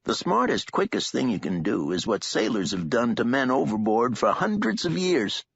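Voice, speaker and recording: A chatty old man fusses over someone with a drawling, sing-song delivery, his voice climbing and dipping all over the place, as a male narrator puts him on. The tone is husky, and the audiobook recording sounds dull and dry. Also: medium pitch, big pitch swings, normal speed, dry recording, exaggerated voice. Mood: reassuring. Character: chatty kindly old man, folksy and fussing. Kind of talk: audiobook character voice.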